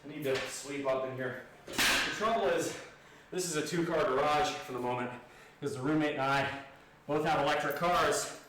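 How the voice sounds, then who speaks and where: A man of average pitch, worn out and panting after a heavy workout, talking casually with viewers. He sits far from the mic in an echoey home garage. Loud noise runs underneath him. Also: normal speed. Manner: panting, chatty, jokey. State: out of breath. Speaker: fitness vlogger. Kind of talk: casual livestream workout commentary.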